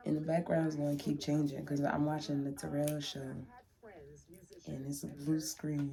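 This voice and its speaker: Speaking to camera in her room, a young vlogger gets emotional and chatty, circling back to repeat herself. She has a deep, gravelly voice.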